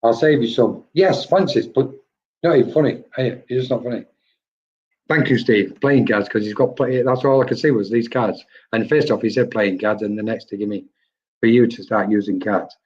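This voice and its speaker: Male medium for a live stream reading, chatty, mid pitch, dull lo-fi sound. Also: moderate pace, a little mellow, slight background noise. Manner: chatty, addresses viewers by name, quotes spirits.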